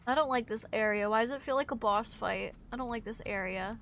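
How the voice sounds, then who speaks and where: A young woman from Wisconsin chatting on a live gaming stream, sick and sleepy, scattered and chatty with sudden loud outbursts. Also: on the high side, brisk, a little hiss or hum. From Wisconsin, USA. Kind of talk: casual live-stream chat while gaming.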